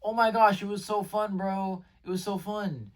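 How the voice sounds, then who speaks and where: A man recapping his day in a casual vlog, rambling and excitable, with lots of fillers and restarted sentences. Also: high-pitched, normal speed, distant mic. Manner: rambling, filler-heavy, says "like" and "bro" constantly. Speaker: vlogger.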